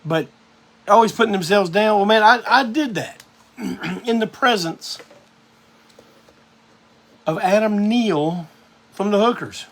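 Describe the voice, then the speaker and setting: A man's voice: sits high, slow pace, long pauses, a bit bright. A man hosting a live music show, telling a rambling, profane story in a casual monologue.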